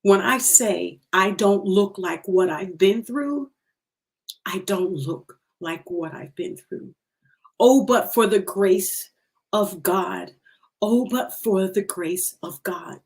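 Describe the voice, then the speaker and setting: A middle-aged woman hosting a livestream, sharing an emotional personal testimony, slow and heartfelt, repeating phrases for emphasis, her voice breaking at times. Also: medium pitch.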